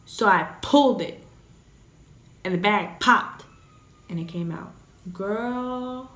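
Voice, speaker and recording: Low-voiced young woman, blunt and profane. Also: measured pace, a bit bright. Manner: blunt, profane, and joking about a serious story. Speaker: vlogger. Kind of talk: candid storytime. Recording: roomy echoey room.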